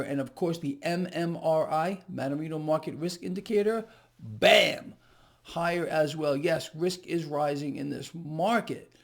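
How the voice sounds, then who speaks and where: A man hosting his own market commentary video blog, talking casually with emphatic, sarcastic asides. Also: fairly high pitch.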